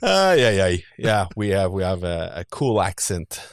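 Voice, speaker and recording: A podcast host with a Quebec French accent speaks in a fairly low voice, upbeat and eager, laughing easily with his guest. The sound is dry and close, with no room around it. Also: very animated, no room sound. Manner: enthusiastic, quick, with friendly laughs. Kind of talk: casual interview chat.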